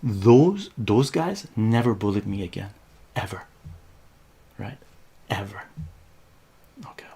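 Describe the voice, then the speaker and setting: Gravelly animated man telling stories. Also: on the low side, slow, pauses often. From Iran. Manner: animated, profane, conversational with frequent "right?". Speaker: streamer. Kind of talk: casual livestream storytelling.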